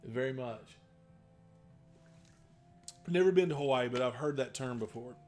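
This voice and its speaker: With faint music in the background, a man who runs tabletop games fields viewer questions on a casual live stream. His medium-pitched voice moves at a measured pace, and he rambles eagerly, laughing often.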